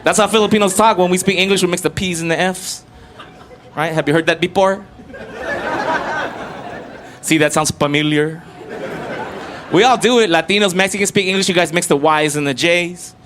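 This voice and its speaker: A man's voice: high-pitched, normal speed, long pauses. A man doing a stand-up comedy set on a club stage, talking animatedly to the audience and mocking accents. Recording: loud crowd and room noise. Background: crowd laughter and noise.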